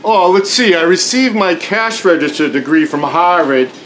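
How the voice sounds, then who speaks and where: A man's voice: high voice, a bit bright, slight background noise. An actor with a Boston accent playing a crude, sarcastic, hot-tempered convenience store clerk in his thirties. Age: 30s. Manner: crude, sarcastic, quick to explode. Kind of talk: sitcom acting.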